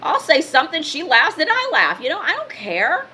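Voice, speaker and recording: A woman's voice: high voice, huge pitch swings, moderate pace, pushed and bright, slight background noise. A woman in her fifties giving a blunt, emphatic motivational talk in a casual vlog. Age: 50s. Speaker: spiritual vlogger and card reader.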